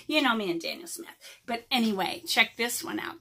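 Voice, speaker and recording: A woman's voice: a little high, normal speed, sharp tone. A middle-aged woman chatting casually through an art supply unboxing, rambling with lots of ums and a little out of breath. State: slightly out of breath. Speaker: watercolor artist vlogger.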